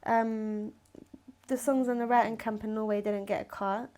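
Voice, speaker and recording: A woman's voice: fairly high pitch, steady tone, normal speed, warm tone. A young woman, chatting casually as a podcast guest, swearing freely and full of slang and fillers. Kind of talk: casual chat.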